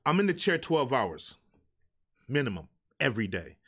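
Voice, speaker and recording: A man's voice: mid-range voice, very animated, moderate pace, a bit bright, husky. Fired-up profane man ranting on a live stream. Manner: profane, exasperated, preachy. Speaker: live show host.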